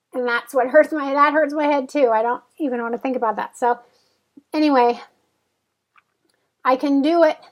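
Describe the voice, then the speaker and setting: Middle-aged woman vlogger, slightly high voice, halting and searching, self-recorded monologue to camera. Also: fairly bright tone. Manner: thinking aloud, halting and troubled. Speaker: vlog host. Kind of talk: casual talk to camera.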